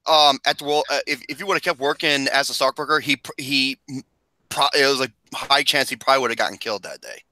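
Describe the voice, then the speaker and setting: A man co-hosting a casual podcast, loud and excitable, laughing often and swearing freely. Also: mid-range voice, quick pace, dry recording, rough recording. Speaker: podcast co-host.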